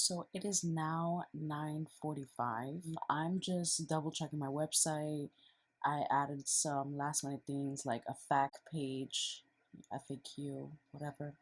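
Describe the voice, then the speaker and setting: Woman, vlogger, slightly low pitch, chatty, excitable, nervous energy. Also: gravelly, husky. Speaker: beauty and fitness vlogger. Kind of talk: casual vlog diary.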